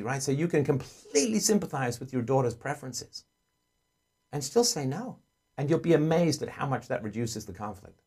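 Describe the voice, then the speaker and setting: A man hosting a call-in advice show, earnestly explaining and acting out gentle parent dialogue. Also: mid-range voice, lively intonation, fairly quick, husky.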